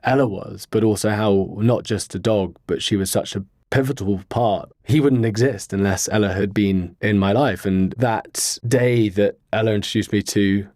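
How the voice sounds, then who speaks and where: Low-voiced man telling a rambling story. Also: a little mellow, no echo, clean studio sound. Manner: earnest, rambling, with many pauses and fillers. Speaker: podcast guest. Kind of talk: casual interview storytelling.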